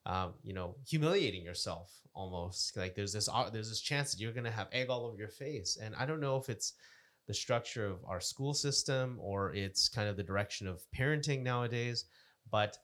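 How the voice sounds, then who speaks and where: A man hosting a casual podcast chat, halting and searching for words as he talks. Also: on the low side, expressive, fairly bright tone. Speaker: podcast host.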